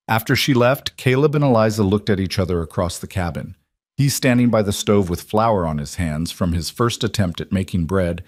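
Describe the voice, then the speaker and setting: Low-voiced male western story narrator. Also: a little mellow, dry recording, studio quality.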